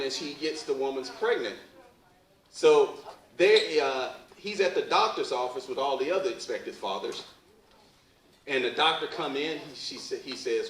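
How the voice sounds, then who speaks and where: A man's voice: fairly high pitch, fairly bright tone, a little hiss or hum. A man doing a loose, joking stand-up comedy set on a live stage, asking the crowd questions. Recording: roomy live venue from far off.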